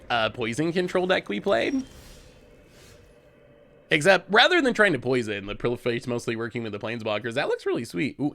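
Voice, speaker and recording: A man's voice: mid-range voice, bright, forceful tone. A man hosting a show, giving casual commentary on a card game as he plays, chatty and laughing often. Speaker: host.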